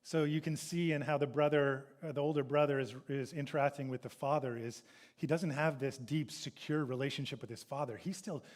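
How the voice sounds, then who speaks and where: A man's voice: mid-range voice, steady tone, a little fast. A male pastor preaching a sermon, reading scripture and retelling it, sometimes acting out the characters' complaints. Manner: reads scripture then retells it, acting out the sons' complaints in a raised voice.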